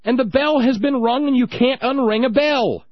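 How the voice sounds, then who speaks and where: A man's voice: extremely high pitch, normal speed, no room sound, muffled recording. A man hosting a talk radio show, ranting with indignant sarcasm.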